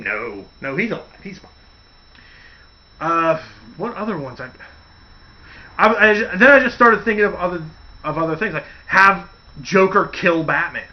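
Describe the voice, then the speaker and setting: A man's voice: on the high side, expressive, moderate pace, muffled recording. A man hosting a casual podcast, rambling through stories and acting out quotes along the way. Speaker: podcast host. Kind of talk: casual chat.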